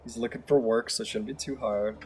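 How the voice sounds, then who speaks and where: Halting man at the gaming table. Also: mid-range voice, steady tone, soft background music. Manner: halting, filler-heavy, laughing. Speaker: player narrating his character. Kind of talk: tabletop role-play chat.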